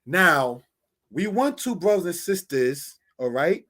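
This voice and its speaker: A man's voice: fairly high pitch, takes it slowly. Man teaching Hebrew, "brothers and sisters" style. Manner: repeats "brothers and sisters", steady explaining. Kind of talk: online Bible lesson with slides.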